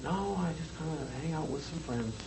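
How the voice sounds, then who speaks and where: A man voicing a burly, laid-back male biker who speaks low and quietly. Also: animated, normal speed, background noise. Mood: casual.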